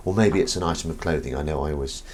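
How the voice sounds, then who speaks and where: A man hosting a casual live stream, joking with his chat and swinging between loud greetings and mumbled asides. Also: rumbling low, very fast, slight background noise. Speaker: livestream host.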